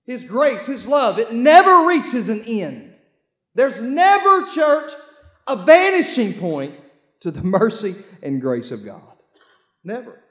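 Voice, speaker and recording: High-voiced, animated preaching man. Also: takes it slowly, roomy sound. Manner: call-and-response, urging the congregation to read along; preaching with bursts of shouting. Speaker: pastor. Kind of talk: sermon.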